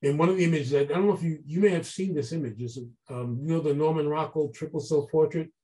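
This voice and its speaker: Animated storytelling man, mellow voice. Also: on the high side, fast talker, poor audio. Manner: animated, acts out quoted voices. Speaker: guest artist. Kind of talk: casual storytelling.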